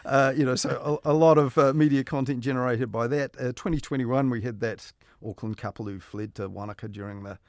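A man chatting on radio about the media, wry and amused, often trailing off softly. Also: mid-range voice, fairly even intonation, fairly quick, few pauses, no room sound, studio quality. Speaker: media commentator. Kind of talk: casual radio chat.

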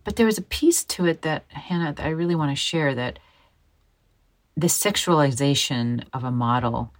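A woman telling her own story in an interview, speaking softly and haltingly and often dropping to a hushed near-whisper. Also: low-pitched, poor audio. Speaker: interview guest, model.

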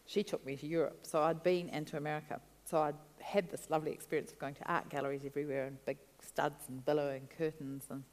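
Low-voiced lady telling food stories, chatty, some hall reverb. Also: fast, hardly any pauses. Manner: chatty, animated storytelling with laughs. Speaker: guest, food writer. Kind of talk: storytelling interview answers.

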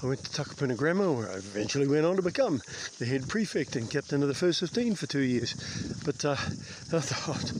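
A man's voice: mid-range voice, sing-song, a little fast, few pauses. A New Zealand man talking casually and self-mockingly to the camera while out hiking, with some mild swearing. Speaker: vlogger hiking a long trail. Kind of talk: casual hiking vlog talk. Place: outdoors on a bush trail. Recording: outdoor noise, insects behind.

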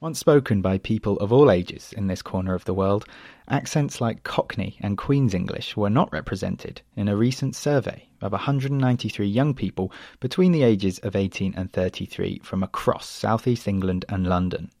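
A male reporter narrating a scripted report with crisp, even delivery. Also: lowish voice, moderate pace, no room sound, studio quality.

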